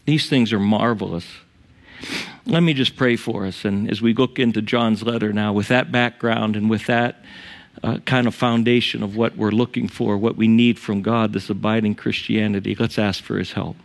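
A male pastor preaching a sermon in church, tearful and emotional, his voice rising high on emphatic lines. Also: fairly even intonation, normal speed, creaky.

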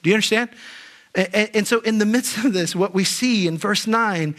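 A male pastor preaches earnestly, often repeating and restarting his words. His voice is high, a bit bright, and moderately paced.

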